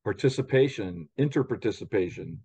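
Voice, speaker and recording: Low-voiced man musing thoughtfully. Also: animated, warm tone, husky. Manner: thoughtful, slow, with frequent fillers. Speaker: podcast co-host. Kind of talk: reflective conversational talk.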